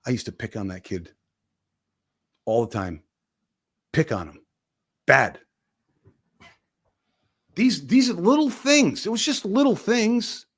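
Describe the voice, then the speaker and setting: A man in his fifties guests on a casual podcast, sharing personal stories in a high, slightly rough voice. He speaks slowly with long pauses, yet his animated telling swings sharply up and down.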